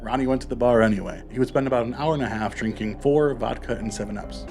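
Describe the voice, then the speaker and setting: A man's voice: mid-range voice, quick pace, over loud music. A man hosting a podcast, narrating true crime casually with profane, joking asides. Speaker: podcast host.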